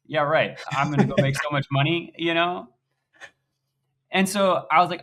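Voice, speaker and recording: A young man, a podcast guest, telling his story in an animated, swinging voice that rises loud and high as he gets excited. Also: normal speed, pauses often. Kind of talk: conversational interview.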